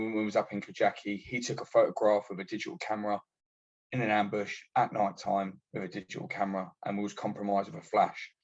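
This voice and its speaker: A British army veteran telling war stories in a casual, blunt and sweary way, acting out what others said. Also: male voice, lowish voice. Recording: dull lo-fi podcast audio.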